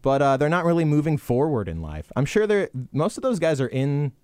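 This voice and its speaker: A man's voice: a little high, big pitch swings, brisk, darkish tone, smooth, no echo, studio quality. A man co-hosting a heavy metal radio show, chatting about band news with self-mocking banter. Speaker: radio co-host. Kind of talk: casual chat.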